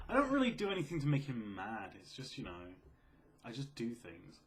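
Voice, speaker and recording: Young male video creator, soft-spoken and sleepy-sounding, casual Q&A, mid-range voice. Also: huge pitch swings, brisk, a little hiss or hum. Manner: quiet, low-key, self-described mellow and sleepy. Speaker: video creator answering viewer questions. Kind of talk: casual Q&A chat.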